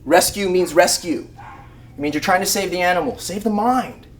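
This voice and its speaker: A man, an animal behavior trainer giving a lively live talk to rescue volunteers and acting out everyday scenes. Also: high-pitched, normal speed. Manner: animated, acts out scenes with shouted mock voices.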